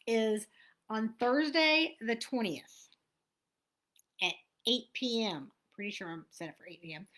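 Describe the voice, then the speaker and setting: A woman's voice: fairly high pitch, a bit bright. A woman, host of a casual motivational vlog, talking in a chatty, meandering way and often correcting herself. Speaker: host, abundance coach.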